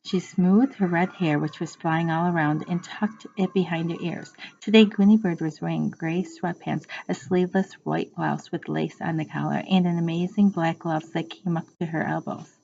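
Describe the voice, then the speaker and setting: A woman reading a children's book aloud to a class like a teacher, unhurried, pausing to explain words and correcting her slips. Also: on the low side, steady tone, creaky, warm tone. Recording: muffled lo-fi recording.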